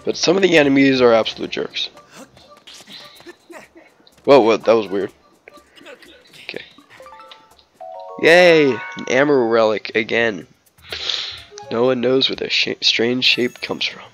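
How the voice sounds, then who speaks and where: A man of middle pitch talks over his gameplay in a loose, chatty ramble, tripping over his sentences and filling gaps with "like" and "uh". He cracks jokes and slips into bits of song, while faint music plays behind him. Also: unhurried, long pauses, a bit bright. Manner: rambling and chatty, full of "like" and restarts; jokey, breaks into snatches of song and silly voices. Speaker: let's play host. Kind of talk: casual gameplay commentary.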